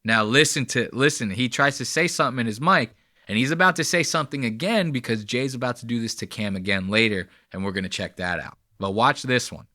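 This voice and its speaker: A man talks over comedy clips in a loose, blunt way, swearing freely as he explains things. His voice is bright and forward, and it sits dry and close to the mic. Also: mid-range voice, fairly quick, no echo. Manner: profane, blunt, chatty. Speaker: commentator reacting to clips. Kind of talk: casual commentary.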